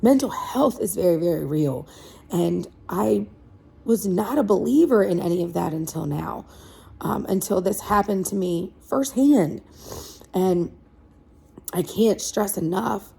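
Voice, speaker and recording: A woman's voice: medium pitch, expressive, measured pace, creaky, warm tone, slightly rough. A young adult woman and mom, talking emotionally and earnestly to camera in a vlog, pleading and repeating herself. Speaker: vlogger, mom. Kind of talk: heartfelt direct-to-camera vlog.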